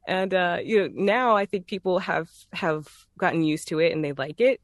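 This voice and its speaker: A woman's voice: fairly low pitch, unhurried, hardly any pauses, dry recording, clean studio sound. A woman from Texas with a Texan accent, a voice actor talking in a casual, chatty and easygoing way. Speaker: voice actor guest. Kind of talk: casual conversation.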